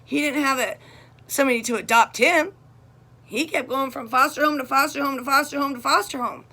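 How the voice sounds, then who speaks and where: A woman's voice: on the high side, creaky, sharp tone, breathy edge. A middle-aged woman talking straight to camera about her family, blunt and heated as she vents. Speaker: vlogger. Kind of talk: casual personal monologue.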